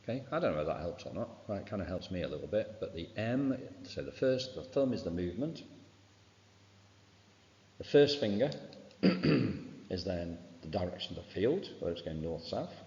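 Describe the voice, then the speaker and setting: Male science teacher, very low voice, muffled reverberant recording, casual revision walkthrough. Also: very animated, normal speed, vocal fry, darkish tone. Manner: informal, fills with "right" and "okay". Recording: dull sound with long reverb.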